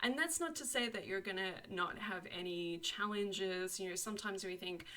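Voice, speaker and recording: In a bright, pushed mid-range voice at normal speed, a young woman does an informal tarot and oracle card reading. Her manner is gushing and supportive, peppered with laughter and plenty of "like" and "you know."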